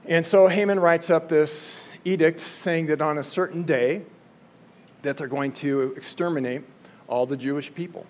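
A man casually and animatedly retelling a Bible story as a teacher. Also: on the high side.

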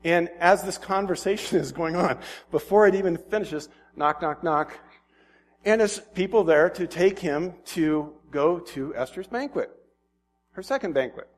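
Man, preacher, casual storytelling sermon, high-pitched, acts out scenes. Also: normal speed.

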